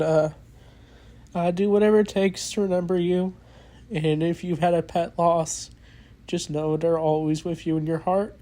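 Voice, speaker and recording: Earnest, halting movie reviewer, flat delivery. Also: mid-range voice. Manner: halting, with many restarts and fillers; earnest and openly emotional. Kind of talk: casual spoken movie review.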